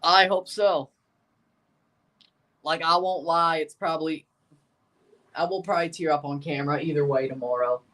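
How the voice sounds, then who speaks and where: Young male streamer, slightly hoarse, casual play-by-play over a live match. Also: fairly high pitch, fairly even intonation, moderate pace, long pauses, sharp tone. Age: 20s. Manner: chatty, running play-by-play asides. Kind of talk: livestream watchalong commentary.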